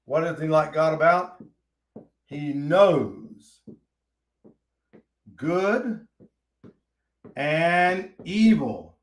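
A man teaching a Bible study in a folksy, preachy way, acting out quoted dialogue. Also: sits high.

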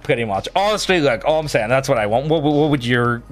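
A man's voice: medium pitch, animated, quick pace, faint music behind. An Irish man co-hosting a casual podcast chat, rambling with many restarts and chuckles. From Ireland. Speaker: podcast co-host.

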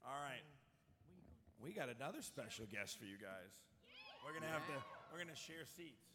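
A man hosting a convention panel, quickly hyping the crowd with lively pitch. The voice carries through a long-reverb hall over loud background noise. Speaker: panel host. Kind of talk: announcing to a live audience.

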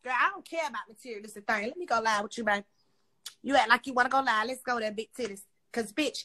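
A woman's voice: high-pitched, animated, quick pace, pushed and bright. A woman ranting angrily on a livestream into her phone, confrontational and heavily profane. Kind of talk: angry livestream rant.

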